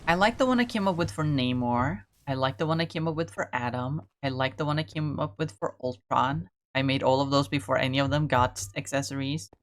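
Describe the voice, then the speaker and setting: A woman's voice: extremely low pitch, brisk, hardly any pauses. A woman streamer chatting casually to herself while playing, muttering, swearing and trailing off mid-thought.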